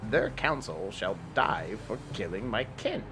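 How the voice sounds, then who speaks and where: A man's voice: lowish voice, very animated, unhurried, over music, pitched below the performer's own voice. A man reading aloud as a vengeful imprisoned elf from an old journal, in a rusty voice, during a tabletop game. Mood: grim.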